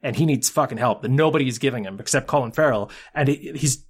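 A man's voice: medium pitch, fast, breathy edge. A married man co-hosting a podcast, discussing a film in casual chat, swearing freely and acting out scenes. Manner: animated, swearing, acts out film scenes in quotes. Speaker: podcast co-host.

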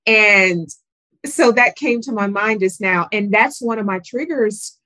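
A woman on a group video call, telling a personal story in an animated way. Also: medium pitch, measured pace, no echo. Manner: animated storyteller, acts out voices. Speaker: call participant. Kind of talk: casual group chat.

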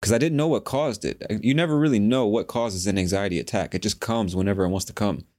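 A young man hosting a casual solo podcast, talking in a profane, animated, slangy way. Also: on the low side, fast talker. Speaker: podcast host.

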